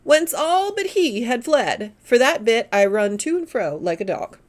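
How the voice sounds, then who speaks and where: A woman's voice: a little high, sing-song, a little slow. A woman voicing a dry, teasing young man working as a tour guide. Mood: wry.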